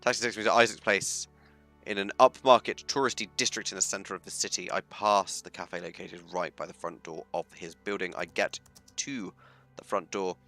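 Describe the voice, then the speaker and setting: A man's voice: deep voice, steady tone, normal speed, pushed and bright, soft background music. A man streaming a story game, reading its text aloud with chatty, self-mocking asides.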